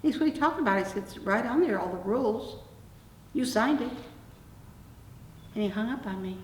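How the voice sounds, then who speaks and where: A woman's voice: mid-range voice, moderate pace. An older woman, a guest in an oral-history interview, telling a story in a blunt, wry way with lots of quoted back-and-forth. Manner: animated anecdote with quoted dialogue, blunt and wry. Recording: roomy echo, distant mic, faint room hum.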